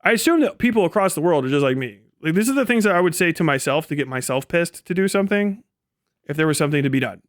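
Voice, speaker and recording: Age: adult. Sex: man. Style: profane, sarcastic livestream rant. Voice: higher pitch, dry sound. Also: expressive, fast talker, no room sound. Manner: sarcastic and mocking; swears constantly. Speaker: live streamer.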